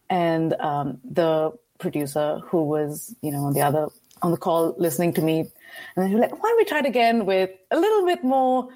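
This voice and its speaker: A woman's voice: lowish voice, dark tone. A woman chatting casually as a podcast guest. She speaks in a plain, matter-of-fact way and pokes fun at herself. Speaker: podcast guest, corporate video narrator. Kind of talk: casual chat.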